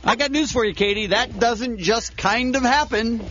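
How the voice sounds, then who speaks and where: A man's voice: very high voice, moderate pace, a bit bright, a little hiss or hum. A man hosting a morning radio show, teasing callers with wisecracks. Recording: slightly dull radio broadcast.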